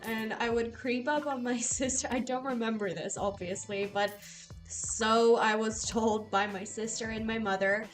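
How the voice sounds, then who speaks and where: A young woman chatting casually with live viewers, telling stories with animated, loose delivery and casual swearing. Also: fairly high pitch, unhurried, soft background music. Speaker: casino streamer.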